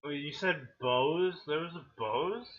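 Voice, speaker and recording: A man co-hosting a casual stream, booming out item names with dramatic flair and laughing between them. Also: unhurried, lo-fi sound. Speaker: co-host reading aloud.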